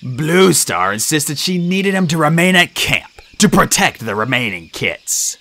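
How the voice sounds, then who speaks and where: A man's voice: fairly high pitch, big pitch swings, measured pace, creaky, bright, forceful tone, pitched above the performer's own voice, full character voice. A man doing a commanding old warrior tom. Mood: firm. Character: senior male warrior cat, steady and commanding.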